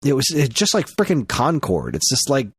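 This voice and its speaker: A man co-hosting a podcast in casual chat, ranting with animated energy. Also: medium pitch, fairly quick, breathy edge, no room sound. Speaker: podcast co-host.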